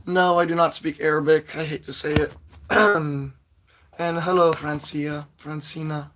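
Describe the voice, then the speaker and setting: A teenage boy with a hoarse, strained voice, chatting loosely with viewers on his livestream and clearing his throat often. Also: on the high side, steady tone, measured pace, a bit bright, slight background noise. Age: teens. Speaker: livestream poetry host. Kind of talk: casual livestream chat.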